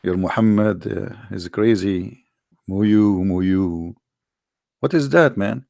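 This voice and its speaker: A man's voice: lowish voice, creaky, dark tone, dry recording, clean studio sound. Sarcastic man in mocking commentary. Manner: mocking, repetitive, halting non-native English. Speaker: religious debate host.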